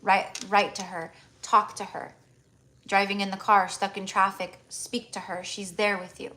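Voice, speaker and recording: A woman hosts a casual live tarot stream and talks straight to her viewers. She is chatty and affectionate and leans on "like" as a filler. Her pitch sits in a middle range for a woman. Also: little pitch movement, measured pace, pushed and bright. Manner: chatty, heavy use of "like" fillers; affectionate, addresses viewers as "my love".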